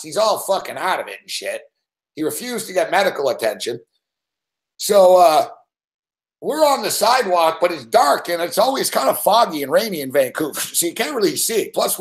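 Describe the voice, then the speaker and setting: A man hosting a live sports betting show, telling a rambling story full of swearing and laughing at himself. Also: high-pitched.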